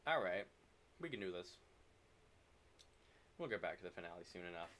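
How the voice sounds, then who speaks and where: Male streamer, forceful and lower-pitched, profane live commentary, faint noise behind. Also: very animated, moderate pace. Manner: swears often, loud frustrated outbursts. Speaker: game streamer.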